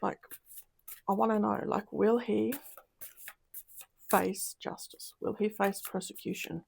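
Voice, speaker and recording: Gravelly-voiced woman reading tarot. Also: medium pitch, flat delivery, takes it slowly, darkish tone. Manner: emotional, upset, sighing and trailing off. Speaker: tarot reader. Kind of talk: casual tarot reading video.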